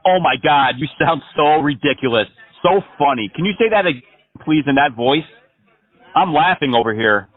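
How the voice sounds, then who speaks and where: A man making a prank phone call, mocking the person on the line with rambling, absurd pitches. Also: lively intonation, normal speed. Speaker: scam-baiting prank caller.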